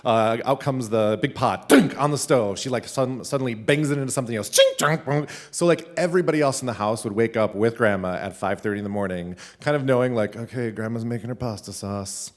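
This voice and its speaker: A man, a teacher, telling a funny personal story live at a school event, animated and laughing between lines. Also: mid-range voice, fast talker, few pauses. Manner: animated, laughing, with many "like" fillers.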